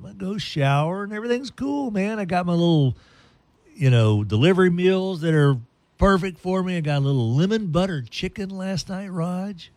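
Animated male radio host telling a story. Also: sits high, moderate pace, no room sound. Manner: animated, playful storyteller who puts on silly voices.

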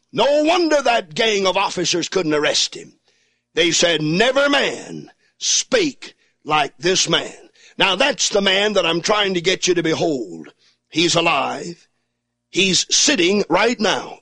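A man preaches a fervent studio sermon, repeating phrases and rising to shouts. His voice sits high and swings widely in pitch, and he takes his words at an unhurried pace. The sound is dry and close. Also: big pitch swings, no room sound. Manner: fervent, repetitive, building to shouts. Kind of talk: radio sermon.

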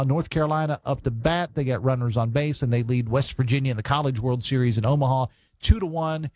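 A man hosting a talk radio show, chatting loosely with plenty of fillers as he reads texts aloud. His voice is close and dry on a studio mic, with mid-range pitch. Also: darkish tone, no echo. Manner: conversational, reads listener texts, many fillers. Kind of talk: casual call-in talk radio chat. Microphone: studio broadcast mic.

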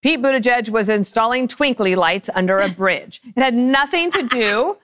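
A woman on a talk show panel, chatting wryly with quick asides. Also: on the high side, animated, a bit bright, no echo, clean studio sound. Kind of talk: casual panel chat.

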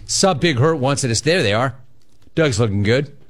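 A man's voice: mid-range voice, lively intonation, moderate pace. A middle-aged man hosting a sports talk radio show, brash and teasing as he tells stories. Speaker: radio host.

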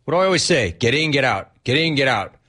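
A male talk radio host with a husky edge to his voice, talking at an ordinary pitch for a man. He riffs on his callers with energy and playful exasperation. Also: fast talker. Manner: energetic, riffing, mock-exasperated.

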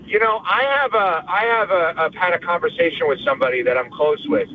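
A man's voice: fairly high pitch, expressive, fast talker. A man calling in from his car, talking sports in an emphatic, opinionated way. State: driving. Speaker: caller. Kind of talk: casual sports talk by phone. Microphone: cell phone. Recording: tinny phone line with faint road noise.

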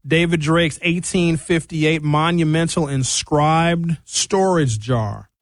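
A male commentator with a slightly high voice talks through his notes in a casual monologue, indignant and animated, breaking in with jokey asides. The recording is dry and close, with no room sound or echo.

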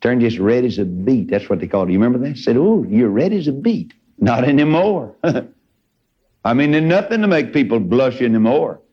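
A man's voice: medium pitch, lively intonation, normal speed. A man preaching a sermon in a fervent, folksy way, with sudden rises in his voice. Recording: dull lo-fi recording.

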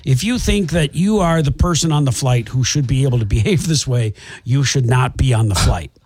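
A male radio co-host retelling a news story in casual chat, animated and indignant. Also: mid-range voice, moderate pace, husky.

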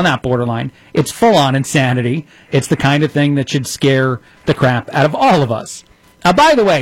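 A man runs a political commentary show, sarcastic and mocking as he reacts to clips. His voice sits a little high. The sound is dry and close. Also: no echo, low-quality recording.

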